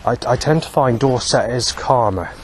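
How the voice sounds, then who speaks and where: A man talking alone to camera in a rambling monologue, halting often to search for words. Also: mid-range voice, slight background noise. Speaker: vlogger.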